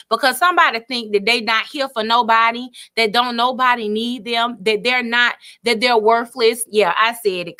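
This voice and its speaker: A woman giving a faith-based motivational talk, animated and preachy, with folksy asides and repeated words. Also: fairly high pitch. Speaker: motivational speaker.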